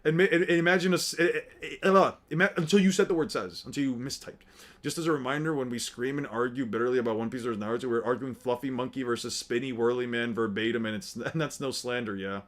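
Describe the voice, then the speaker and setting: A man's voice: mid-range voice, fairly even intonation, fast, fairly bright tone. A young man casually reacting to a comic with his chat, joking around, swearing freely and reading chat messages aloud. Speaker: streamer reading manga with chat.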